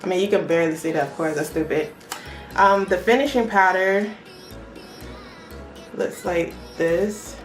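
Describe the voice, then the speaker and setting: Chatty, excitable woman in an echoey room. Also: lowish voice, measured pace, long pauses. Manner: chatty and excitable, often addresses the viewers directly. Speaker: beauty vlogger. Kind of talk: casual unboxing chat. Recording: echoey room with faint background music.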